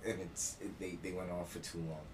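A man's voice: deep voice, flat delivery, a little fast, background noise. A man hosting a casual podcast chat, rambling loosely and restarting his sentences. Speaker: podcast host.

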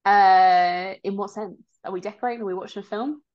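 A woman's voice: mid-range voice, steady tone. Teasing woman, dull lo-fi sound. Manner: teasing, quick to joke and exclaim. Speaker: podcast co-host. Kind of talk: casual chat.

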